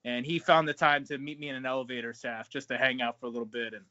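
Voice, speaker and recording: Bright, casual wrestler, dull lo-fi sound. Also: male voice, medium pitch, level tone, quick pace, no echo. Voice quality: casual, swears freely, says man and bro. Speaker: pro wrestler guest. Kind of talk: casual interview chat.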